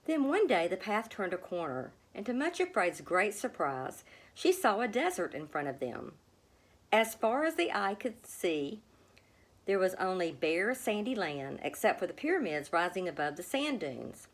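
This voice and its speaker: Lively woman reading a storybook aloud. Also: mid-range voice, normal speed. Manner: expressive, gentle reading of a children's story. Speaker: storybook reader. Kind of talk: storybook read-aloud narration.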